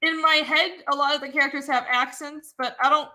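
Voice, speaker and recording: A woman's voice: high voice, fairly even intonation, a little fast, bright, forceful tone. A woman comic artist explaining her work in casual chat, friendly and laughing often.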